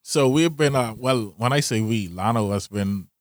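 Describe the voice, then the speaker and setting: A man's voice: medium pitch, normal speed, no echo, studio quality. A man co-hosting a casual podcast chat, laid-back and teasing. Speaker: podcast co-host.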